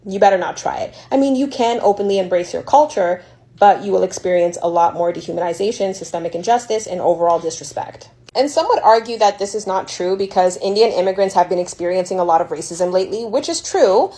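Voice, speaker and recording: A woman's voice: medium pitch, lively intonation, fast, mellow. A woman from Canada giving firm, earnest opinion commentary.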